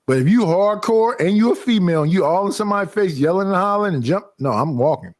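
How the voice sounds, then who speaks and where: A man in a casual panel debate, animated and telling stories by acting out what people say. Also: high voice, quick pace, dry recording. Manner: animated storyteller, acts out quotes.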